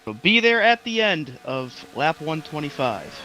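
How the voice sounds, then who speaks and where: A man's voice: a little high, very animated, a little slow, sharp tone, slight background noise. A man co-commentating a live sim race, laid-back and dry.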